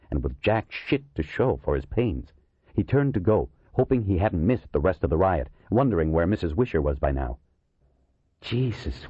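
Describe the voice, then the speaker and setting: A man's voice: sits low, husky, no room sound, muffled recording. A man reading a horror audiobook aloud as narrator, in tense, scripted storytelling.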